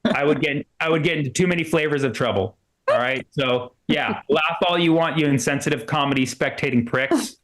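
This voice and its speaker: A man performing a rambling stand-up set at a comedy club, full of fillers and quick put-on voices for the people he quotes. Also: on the high side, a bit bright.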